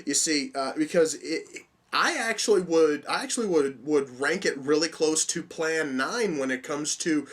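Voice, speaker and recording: A young man talks through a movie review in a loose, unscripted way. His voice sits a touch high, and he swears often as he circles back and restarts his points. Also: normal speed, a bit bright. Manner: profane, rambling, with frequent restarts. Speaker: film reviewer. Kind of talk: casual spoken movie review.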